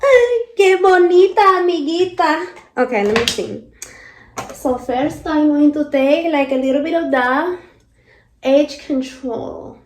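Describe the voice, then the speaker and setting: A woman hair care vlogger chats playfully and directly with her viewers. Her voice sits high and she takes her time. The recording carries a roomy echo. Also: slow pace, a little mellow. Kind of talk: casual vlog talk.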